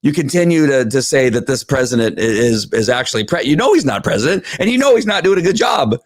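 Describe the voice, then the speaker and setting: A man's voice: medium pitch, big pitch swings, quick pace, no room sound. A man hosting a live political talk show from home, exasperated and rambling, with frequent restarts as he reads viewer comments.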